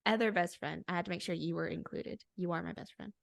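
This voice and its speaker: A woman's voice: lowish voice, steady tone, quick pace, creaky, no room sound, studio quality. A young woman co-hosting a podcast, telling a story in casual chat, bubbly and laughing often. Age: young adult. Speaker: podcast co-host.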